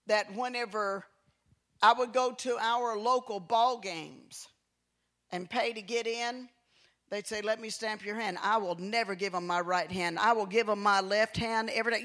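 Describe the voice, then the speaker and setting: A folksy preacher man delivers his sermon in a high voice. His tone is bright and ringing, and he tells stories with animated, preacherly energy from a church pulpit. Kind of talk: sermon with storytelling.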